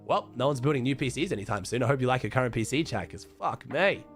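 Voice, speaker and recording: A young Australian man streaming and chatting to viewers, hoarse and thick-voiced from a chest infection, talking loosely with lots of swearing and trailing off into quieter mumbles. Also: medium pitch, lively intonation, fast talker. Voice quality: thick and raspy. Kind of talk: casual livestream chat. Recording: faint music playing behind.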